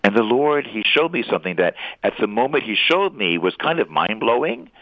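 A man, a priest, preaching earnestly on a radio talk show, animated with playful asides. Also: fairly low pitch, normal speed, dry recording. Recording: tinny phone line, dry.

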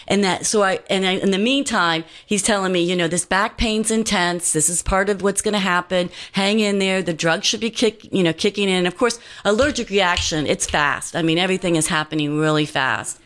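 A woman's voice: lowish voice, brisk, few pauses, fairly bright tone. A woman guest giving an earnest personal testimony in casual talk, with many fillers and restarts.

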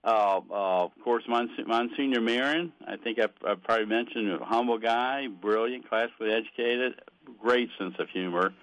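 An older man on a radio call-in, talking in a halting, earnest way and often repeating his words. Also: mid-range voice, a bit bright, no room sound, poor audio. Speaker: radio guest. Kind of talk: casual chat.

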